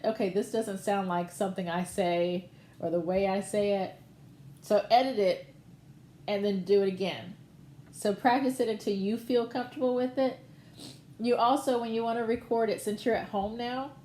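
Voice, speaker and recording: A woman's voice: medium pitch, mellow, roomy sound, slight background noise. A woman teacher patiently explaining voiceover delivery in a conversational online lesson.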